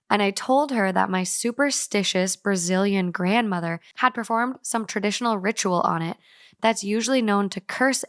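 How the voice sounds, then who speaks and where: A woman co-hosting a casual podcast, reading a story aloud in a brisk, playful way. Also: medium pitch, clear, resonant tone, dry recording, studio quality. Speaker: podcast co-host.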